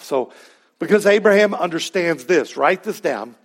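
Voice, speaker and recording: A male pastor preaching a sermon in a conversational, emphatic way, with sudden loud peaks. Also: high-pitched, lively intonation, moderate pace.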